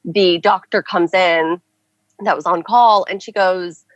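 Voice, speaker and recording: A young woman with a lowish voice tells her story as a podcast guest, in a chatty way full of "like" and "um." The recording is dry and a little dull. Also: fairly even intonation, takes it slowly, dry recording. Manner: chatty, many "like" and "um" fillers. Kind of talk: casual storytelling.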